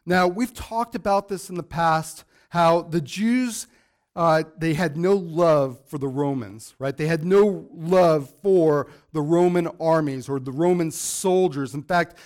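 A pastor teaches through a Bible passage in a relaxed, conversational sermon, pausing for fillers and side remarks. The man's voice sits high for a man, and it keeps going in and out.

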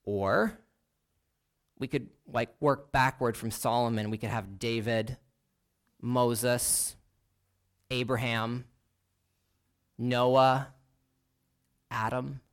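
A man preaching a sermon, earnest and deliberate, slowing down to lean on key words. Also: mid-range voice, steady tone, clear, resonant tone.

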